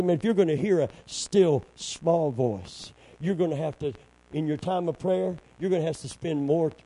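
A man's voice: on the high side, warm tone, low-quality recording. A man preaching a sermon, fervent and full of call-and-response to his congregation.

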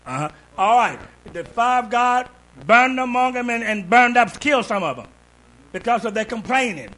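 A man preaches in a high, bright voice, asking the congregation questions and waiting for their answers. He swings from quiet stretches into loud, fervent shouts. It is call-and-response church preaching. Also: animated, moderate pace, rough recording. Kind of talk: sermon.

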